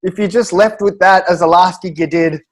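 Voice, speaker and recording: An Australian man, a stand-up comedian, telling animated stories in casual chat with quick restarts and laughs. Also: high voice. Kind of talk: casual storytelling.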